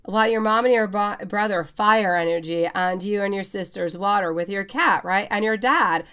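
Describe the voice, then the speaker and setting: A woman's voice: medium pitch, normal speed, bright, forceful tone, clear, resonant tone. A woman, chatting on a live-stream tarot reading and calling her viewers sweetie. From Quebec, Canada. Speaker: tarot reader.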